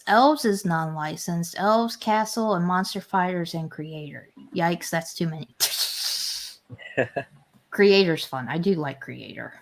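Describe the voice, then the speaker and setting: A woman chats away as host of a casual livestream, reading out viewer comments as they come in. Her talk rambles, full of restarts and side turns. Her pitch sits in an ordinary middle range. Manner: chatty, rambling, with frequent restarts.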